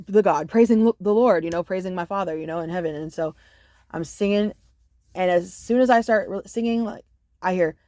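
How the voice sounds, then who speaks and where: A woman telling a casual storytime monologue to camera, animated and profane, with many "you know"s. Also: on the low side, no room sound, clean studio sound. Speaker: storyteller vlogger.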